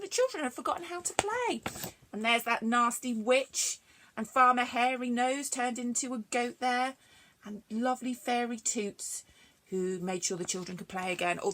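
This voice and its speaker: A woman librarian reading rhyming stories aloud to children, expressive and chatty between verses. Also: a little high. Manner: expressive, sing-song, chatty asides.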